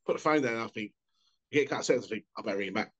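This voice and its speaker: A man's voice: medium pitch, racing, fairly bright tone. A man telling sweary, jokey anecdotes in a casual chat. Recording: dull lo-fi sound.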